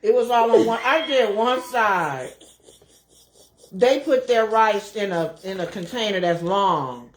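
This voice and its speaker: A woman's voice: medium pitch, animated, measured pace, a little hiss or hum. Chatty woman in an echoey room. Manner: chimes in with agreement and side comments. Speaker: co-host. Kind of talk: casual chat while eating.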